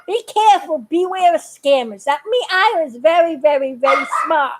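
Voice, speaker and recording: A woman's voice: sits high, animated, normal speed, background noise. An older woman chatting on a live video, talkative and earnest, laughing often as she gives warnings. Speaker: vlogger. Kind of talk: casual live video chat.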